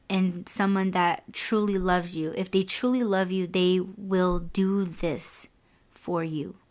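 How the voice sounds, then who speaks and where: A young adult woman hosting a podcast, telling a personal story in a frank, candid way, full of "like" and "you know". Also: on the low side. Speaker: podcast host.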